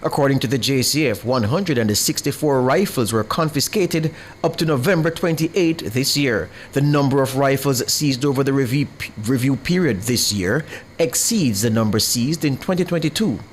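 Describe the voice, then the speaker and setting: Male radio newsreader, crisp. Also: mid-range voice, moderate pace, slight background noise. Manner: crisp, even news delivery. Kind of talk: scripted news reading.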